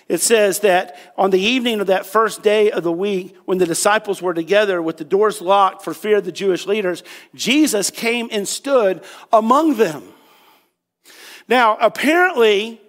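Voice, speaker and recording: Man, pastor, high voice, casual joking sermon, lots of fillers, long hall reverb. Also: normal speed.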